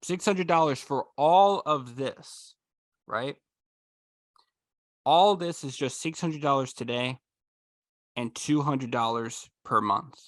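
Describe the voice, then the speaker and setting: A man hosting a live video call, giving an energetic, emphatic sales pitch for a trading course. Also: takes it slowly, pauses often, dry recording, clean studio sound. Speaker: host presenting a trading course.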